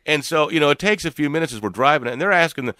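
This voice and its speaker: An older man co-hosting a radio talk show, telling a personal story in an animated way with frequent laughs and fillers. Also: fairly high pitch, rapid-fire, no echo, studio quality. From Louisville, Kentucky area. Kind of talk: storytelling in casual chat.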